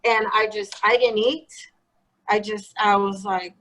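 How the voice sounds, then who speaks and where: A woman's voice: medium pitch, a little slow, rough recording. Blunt storytelling woman. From Chicago. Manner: blunt, swears freely, animated retelling. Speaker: guest. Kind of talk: candid storytelling interview.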